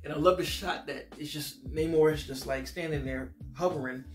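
A man's voice: fairly high pitch, steady tone, moderate pace, faint music behind. A man giving a casual, enthusiastic spoken film review, slangy and full of restarts.

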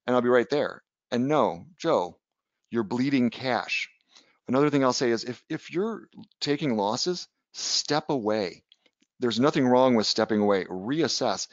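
A man's voice: mid-range voice, expressive, unhurried, no echo, dull audio. A man teaching about trading in a casual webinar lecture, conversational, telling anecdotes and checking in with "right?". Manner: conversational, tags points with "right?", tells anecdotes. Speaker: trading educator.

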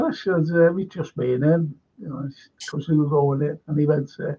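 A man's voice: fairly high pitch, normal speed, hardly any pauses, warm tone, a little hiss or hum. A man hosting a live stream, reading viewer comments aloud and rambling through chatty anecdotes. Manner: reads comments aloud and chuckles at them. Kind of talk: rambling casual chat and anecdotes. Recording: lo-fi stream audio.

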